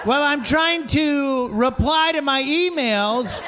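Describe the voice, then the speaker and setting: A man's voice: very high voice, slow pace, background noise. A man chatting as a podcast guest, making wry, teasing remarks in short bursts. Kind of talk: casual chat.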